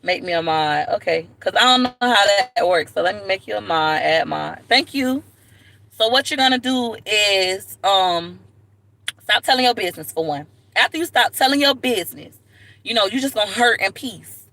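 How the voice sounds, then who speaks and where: A woman's voice: mid-range voice, animated, normal speed, vocal fry, pushed and bright, slight background noise. A woman hosting a livestream, giving sassy, preachy relationship advice straight to the viewer in a comedic rant. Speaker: livestream host.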